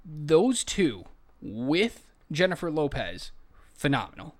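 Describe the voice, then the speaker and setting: A man in casual conversation, voice sitting a bit high for a man. He retells scenes in an animated, rambling way with plenty of asides, talking as a co-host. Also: slow. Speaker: podcast co-host reviewing films. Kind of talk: casual chat.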